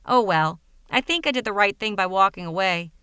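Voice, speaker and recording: A woman's voice: mid-range voice, expressive, fairly quick, a bit bright, clear, resonant tone, dry recording, clean studio sound, voice pushed down, lightly acted. A woman voicing a big, cynical, hot-tempered man who rants indignantly. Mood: ranting. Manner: ranting, indignant.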